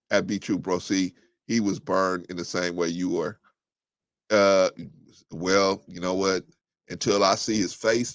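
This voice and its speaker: A man hosts a live call-in talk show, reading out viewer comments and answering them in a blunt, combative way. His voice sits low, and it climbs sharply when he gets heated. The sound is dry and close, with no room echo. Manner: restarts and fillers, thinking aloud. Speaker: livestream show host.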